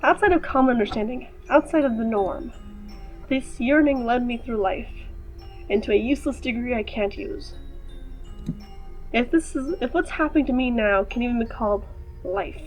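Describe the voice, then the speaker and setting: Playful, higher-voiced woman gaming host. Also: normal speed, soft background music, rough recording. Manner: playful, chatty asides between read-out passages. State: voice slightly off after a recent cold. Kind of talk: reading game text aloud with joking commentary.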